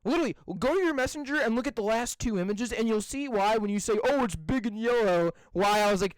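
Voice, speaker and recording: A man's voice: high-pitched, expressive, smooth, no echo. A young man co-hosting a podcast, swearing a lot and sounding exasperated in crude casual banter. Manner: profane, exasperated, spells words out slowly. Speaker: podcast co-host.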